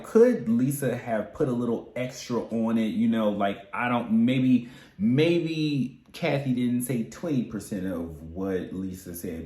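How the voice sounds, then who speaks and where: A man's voice: fairly low pitch, darkish tone, roomy sound. A man giving casual, sassy recap commentary on a reality show, chatty and candid with frequent asides.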